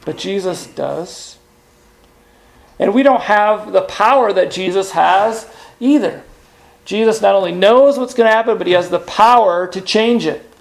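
A male pastor delivering a sermon with a fairly high voice that has a gravelly, creaky edge. He speaks earnestly, slipping in "uh" and rhetorical questions as he goes. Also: moderate pace.

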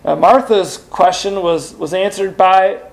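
This male pastor's sermon comes in an unhurried, fairly high voice with a creaky, gravelly edge. He's earnest throughout, scattering "uh" and rhetorical questions into his speech.

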